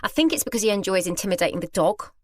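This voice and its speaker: A woman's voice: medium pitch, expressive, racing, dry recording, studio quality. A British woman in her thirties hosting a podcast, telling a personal story in a chatty, candid, self-deprecating way. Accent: British English. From Britain. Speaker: podcast host.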